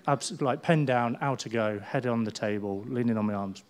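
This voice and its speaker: A middle-aged man, preaching a sermon as a pastor in a lively storytelling manner. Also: medium pitch, normal speed, few pauses. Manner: animated storytelling, acting out people's voices.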